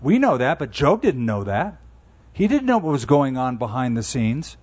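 A man in his sixties preaching a sermon in a conversational, emphatic way, slowing down on key phrases. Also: mid-range voice, very animated, a little mellow. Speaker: pastor.

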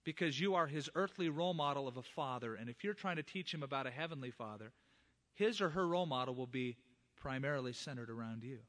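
A man's voice: medium pitch, expressive, quick pace, fairly bright tone. A middle-aged man, a pastor, preaching a sermon and earnestly addressing the fathers in the congregation.

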